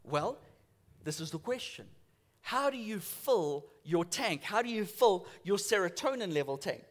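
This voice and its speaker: A man's voice: sits high, unhurried. A man preaching a sermon in church, telling stories with acted-out voices. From South Africa. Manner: animated storytelling with acted-out voices. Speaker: pastor.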